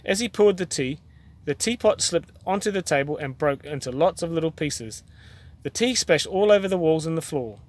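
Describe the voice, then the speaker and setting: A man with a New Zealand accent reading a children's picture book aloud, gently and expressively. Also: on the high side, animated, normal speed. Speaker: storyteller dad.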